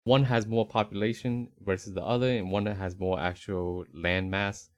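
Deep-voiced man chatting easily on a podcast. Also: steady tone, moderate pace, dry recording. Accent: slight Rhode Island. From Northeast United States. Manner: rambling, self-correcting, easygoing. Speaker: podcast co-host. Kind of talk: casual podcast chat.

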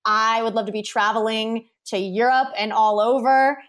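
Young woman, fairly high voice, bubbly, laughing often, casual storytelling, podcast guest. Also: steady tone, moderate pace. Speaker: podcast guest, wedding photographer.

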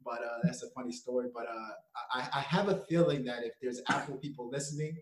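With a mid-range voice, this young podcast co-host talks quickly with hardly any pauses, telling an animated story in an echoey room. Casual chat, frequent laughs and acted-out quotes fill his delivery.

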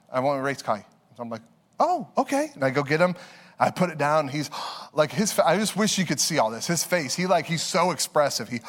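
A man's voice: sits high, a bit bright. A man in his thirties preaching a conversational sermon, telling stories with laughs and repeated words. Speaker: pastor. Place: church sanctuary. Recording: long hall reverb.

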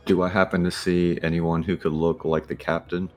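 Low-voiced man playing a tabletop game. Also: little pitch movement, moderate pace, darkish tone, soft background music. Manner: asks and states plans. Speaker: player.

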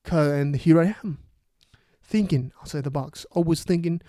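A man hosting a solo podcast, talking in a rambling, energetic and profane way. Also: on the high side, moderate pace, dry recording. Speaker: podcast host. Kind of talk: casual solo podcast monologue.

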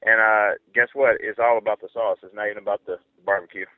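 A man's voice: on the low side, steady tone, quick pace, no room sound. A man calling in as a comedian guest, talking casually and rambling with lots of fillers. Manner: laid-back, rambling with many fillers. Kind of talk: casual chat. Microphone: phone. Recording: tinny phone line.

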